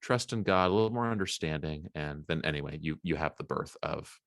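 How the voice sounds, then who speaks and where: A man co-hosting a casual Bible podcast, retelling a story in a lively way and acting out the quotes. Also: rumbling low, brisk, no room sound, studio quality. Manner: animated retelling with acted-out quotes. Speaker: podcast co-host.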